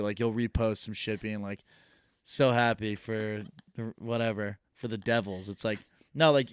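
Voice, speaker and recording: A man's voice: mid-range voice, clean tone, no room sound. Young male podcast co-host with a clean, dry voice, easygoing and rambling. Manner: laid-back, hedging with lots of fillers. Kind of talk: casual chat.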